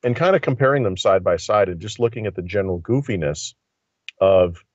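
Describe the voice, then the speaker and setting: This tech commentator has a low, expressive voice and a brisk pace as he rambles through a casual tech conversation full of fillers, thinking aloud. His call comes over a phone line, with dull lo-fi audio and no echo.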